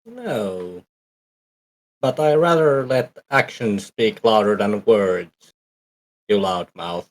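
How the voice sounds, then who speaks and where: Man playing a terse quiet fox wrestler. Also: lowish voice, animated, slow pace, pauses often. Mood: cold. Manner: terse, curt.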